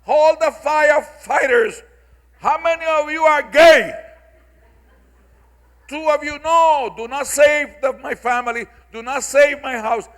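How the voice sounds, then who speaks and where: A man acting out a panicky, bigoted homeowner who shouts at firefighters in a high, frantic voice. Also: unhurried. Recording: long hall reverb.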